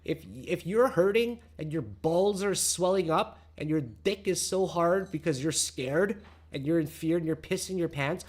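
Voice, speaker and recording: A brash man with a slightly raised voice hosts a crypto trading show. He talks crudely and bluntly, mocking panicked viewers with loud jeers, then settles into a calmer tone to walk through the charts. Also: a little slow. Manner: calmer, lower explanatory tone while reading charts. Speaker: crypto trading channel host. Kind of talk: profane, excitable market commentary.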